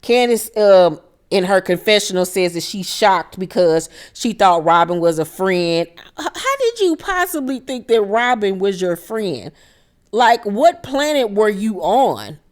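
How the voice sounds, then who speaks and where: A woman's voice: medium pitch, sing-song, unhurried. Woman spilling the tea on a reality show ep, sassy af, cusses a lot, keeps laughing at her own takes. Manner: sassy, blunt and profane, with dramatic asides; laughs often while retelling scenes. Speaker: reality TV recap host. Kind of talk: casual gossip recap of a TV episode.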